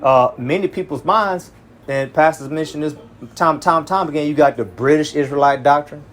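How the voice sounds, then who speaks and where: A man's voice: fairly high pitch, moderate pace. Slangy man leading a Bible study. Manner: slangy, conversational, often asks "you see what I'm saying". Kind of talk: casual Bible study talk.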